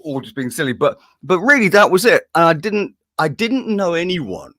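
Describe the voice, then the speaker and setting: A man's voice: on the high side, moderate pace, hardly any pauses, no room sound, studio quality. A man, a voice-over artist, telling anecdotes in a casual interview and often laughing. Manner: animated, jumps into impressions, laughs often.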